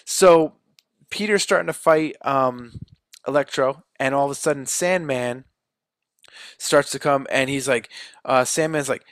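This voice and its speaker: A man's voice: mid-range voice, unhurried, dry recording. Man, casual chat, loose storytelling, filler words, dry close sound. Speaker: movie recap co-host.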